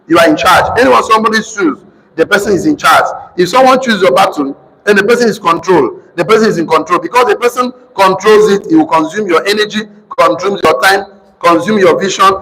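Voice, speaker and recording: A man with a Nigerian accent giving an animated teaching talk, repeating points and slipping into pidgin. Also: high-pitched, big-room sound, low-quality recording. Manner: animated, repetitive, mixes in pidgin. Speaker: motivational speaker.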